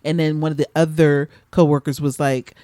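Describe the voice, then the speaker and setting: A woman's voice: low voice, brisk, no echo, clean studio sound. A woman hosting a podcast in casual chat, telling profane stories with lots of laughter. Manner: animated, laughing, profane storytelling. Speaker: podcast host.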